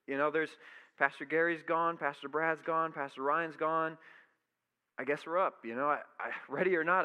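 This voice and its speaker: In a church sanctuary with echoey hall reverb, a young adult pastor gives a conversational sermon, telling stories casually and acting out what people think and say. His voice is on the high side, bright and forceful.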